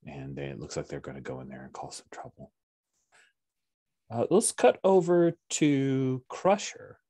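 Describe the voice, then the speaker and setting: A man's voice: fairly low pitch, steady tone, a little slow, dark tone, breathy edge, no room sound. A man narrating a tabletop game as game master, chatty and enthusiastic.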